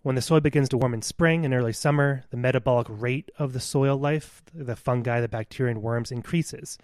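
Male podcast co-host, mid-pitch, earnest lecturer, dry close recording. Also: a little fast, darkish tone, no echo. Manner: earnest, lecturing with scientific detail. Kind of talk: explanatory podcast talk.

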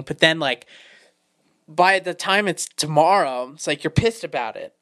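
A man's voice: a little high, sing-song, normal speed, fairly bright tone, smooth. A man co-hosting a podcast in casual chat, rambling and swearing freely with many fillers. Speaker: podcast co-host.

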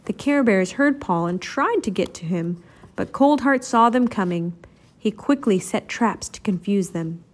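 A woman's voice: mid-range voice, lively intonation, a little slow. A woman reading a children's storybook aloud, narrating expressively. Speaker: storybook reader.

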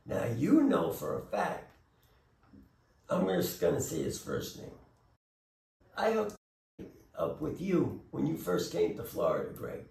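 A man's voice: medium pitch, huge pitch swings, measured pace, vocal fry, long pauses, a little mellow, roomy sound, distant mic. A man in casual chat, blunt and swearing, chiming in on the talk.

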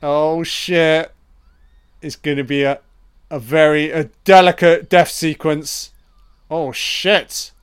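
A man giving a crude, profane, excitable running commentary on a film, calling the characters love and baby. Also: fairly high pitch, slow pace, smooth.

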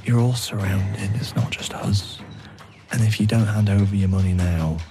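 A man's voice: on the low side, fairly even intonation, normal speed, dark tone, faint music behind, natural voice. A man voicing a muscular, menacing deserter soldier who threatens travellers in a falsely polite way.

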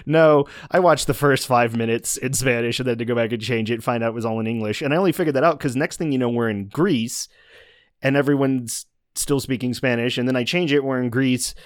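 A man's voice: mid-range voice, fairly quick, no room sound. A man chats casually about a film he watched, looping through asides and false starts as he goes. His voice sits in an ordinary middle range. The sound is close and dry, with no room around it. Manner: rambling, many restarts and asides. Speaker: podcast co-host reviewing movies. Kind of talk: casual chat.

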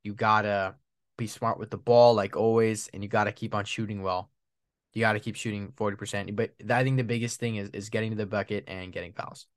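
On his own sports podcast, a man with a fairly low voice talks a little fast, airing animated, frustrated complaints and going over the same points again and again. The studio-quality recording has no echo.

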